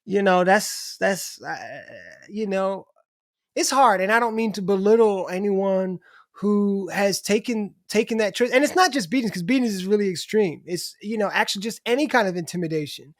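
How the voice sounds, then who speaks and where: A man's voice: sits high, moderate pace, no echo, clean studio sound. A middle-aged man talking candidly as a podcast guest, restarting his sentences and swearing casually. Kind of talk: casual conversation.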